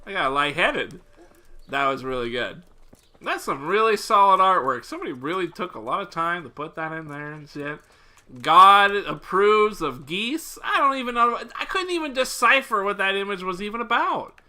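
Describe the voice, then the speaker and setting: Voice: mid-range voice, expressive, normal speed, pushed and bright. A livestreamer giving live gameplay commentary, playful and profane, breaking into long laughing fits until in tears.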